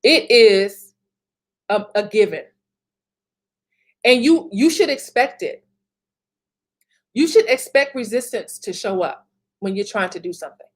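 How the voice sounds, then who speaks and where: A woman's voice: mid-range voice, expressive, unhurried, pauses often. A woman in her thirties giving a motivational talk as a business coach, emphatic, repeating phrases and laughing often.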